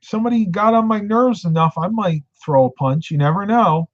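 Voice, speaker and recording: Middle-aged man, live-stream host, chatty storyteller, fairly high voice, dull dry recording. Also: normal speed, no room sound. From upstate New York, United States. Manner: chatty, tells stories and answers viewer comments. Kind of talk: casual live-stream chat.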